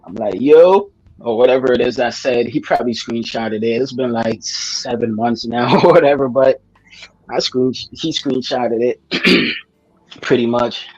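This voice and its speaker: Guy with a kinda husky voice rambling thru a story, slangy, laughs a lot. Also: mid-range voice, fairly even intonation, unhurried, no room sound, highs cut off. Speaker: podcast host telling a story. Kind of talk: casual chat.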